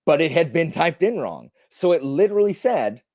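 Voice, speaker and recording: A young man chatting on a livestream, his pitch swinging up and down as he tells a rambling story. He leans on fillers and restarts, and the sound is close and dry, with no room echo. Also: very animated, normal speed, a little mellow. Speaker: livestream host. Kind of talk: casual chat.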